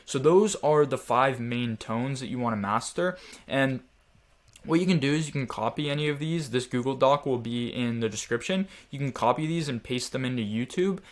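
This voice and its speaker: A man's voice: medium pitch, normal speed. A young man giving a casual sales training lecture, explaining with many fillers and acting out different tones of voice. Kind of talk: screen-share training lecture.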